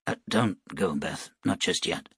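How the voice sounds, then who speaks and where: Narrator doing a low quiet gentle gunfighter, soft and hesitant, husky. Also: male voice, measured pace, no echo, studio quality, full character voice. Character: quiet, gentle wounded gunman.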